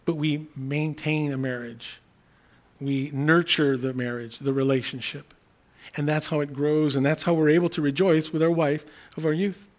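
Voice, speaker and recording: A man preaching a sermon in an earnest, unscripted way, often restarting phrases and repeating key words slowly for emphasis. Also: on the high side, fairly even intonation. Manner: earnest, thinking aloud with frequent restarts. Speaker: pastor.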